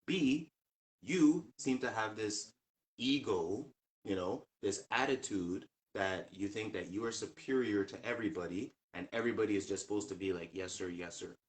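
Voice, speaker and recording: Low-voiced man telling stories animatedly. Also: normal speed. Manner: animated storyteller acting out past conversations. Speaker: co-host. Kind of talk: casual chat.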